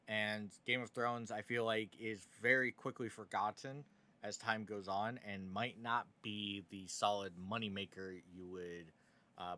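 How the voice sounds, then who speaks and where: A man's voice: on the low side, pushed and bright. A man hosting casual gaming news commentary, opinionated and sarcastic, with many fillers.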